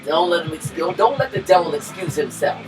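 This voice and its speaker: A woman co-hosting a podcast, telling a profane, animated story that swings between loud and hushed. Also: lowish voice, fairly quick. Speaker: podcast co-host. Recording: distant mic with music behind.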